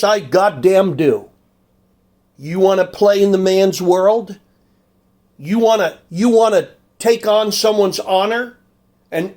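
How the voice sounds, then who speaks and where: An older man commenting on a video clip in a blunt, combative monologue, dropping low and quiet when he turns menacing. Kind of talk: angry monologue with storytelling.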